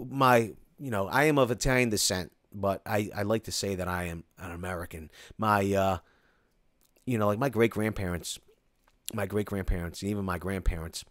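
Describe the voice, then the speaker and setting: Man, Philadelphia accent, middle-aged, low-pitched, dry close mic, casual rambling live Q&A. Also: no echo. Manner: rambling, restarts often, reads comments aloud. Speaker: construction company host answering viewer questions. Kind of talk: casual live-stream Q&A chat.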